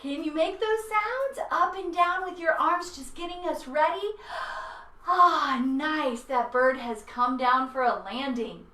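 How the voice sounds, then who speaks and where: A woman leading a children's yoga class, animated and playful, coaching in a sing-song way with sound effects. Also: high voice, slow, recorded from a distance. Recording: echoey room, away from mic, faint music.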